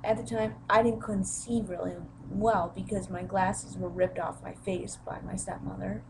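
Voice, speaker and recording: A woman's voice: mid-range voice, level tone, normal speed, gravelly, background noise. A young woman vlogging, retelling a family conflict with emotion and acting out the quoted voices. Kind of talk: personal storytelling vlog.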